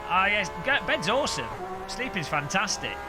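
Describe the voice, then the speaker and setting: A man's voice: high voice, sing-song, normal speed. A man chatting casually with his live-stream viewers while sim racing, rambling and answering chat as he goes. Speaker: game streamer. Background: loud game music and car engine sounds.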